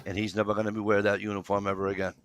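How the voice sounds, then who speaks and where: A man's voice: on the low side, monotone, rapid-fire, a bit bright. A man co-hosting a casual talk show, rambling through a story and retelling both sides of the dialogue, swearing casually. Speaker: podcast co-host.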